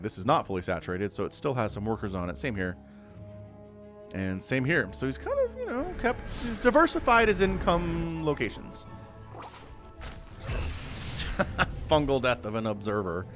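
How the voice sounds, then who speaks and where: A man casting a strategy game match solo, chatty and analytical, often rambling off topic. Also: mid-range voice. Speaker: esports caster.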